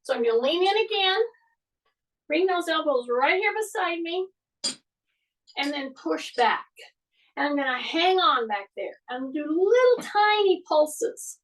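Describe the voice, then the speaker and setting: A woman with a high voice leads an exercise class and talks through each move as she demonstrates it. She keeps repeating cues to breathe and drop the shoulders. She sounds a little distant from the microphone. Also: lively intonation, unhurried, pauses often. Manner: coaching, repetitive breathing cues, demonstrating moves. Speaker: fitness instructor. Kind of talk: guided workout instruction.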